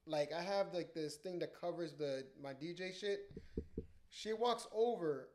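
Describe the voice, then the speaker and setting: A young man who works as a DJ, telling profane, animated stories in casual podcast chat. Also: on the high side, measured pace. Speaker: DJ and podcast co-host. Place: podcast studio.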